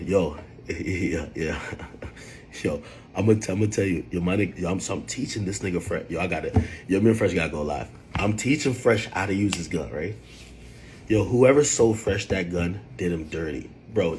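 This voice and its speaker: A man hosting a livestream, telling stories in animated casual chat, with a husky voice and sudden loud outbursts. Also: sits low, a little hiss or hum. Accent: New York. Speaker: livestream host.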